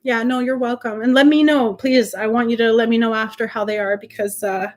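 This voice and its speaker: A woman's voice: on the high side, fairly even intonation, a little fast. A woman giving a live tarot reading, reassuring and emotional, calling viewers honey and sweetheart, often stopping and restarting her sentences. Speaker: tarot reader and livestream host.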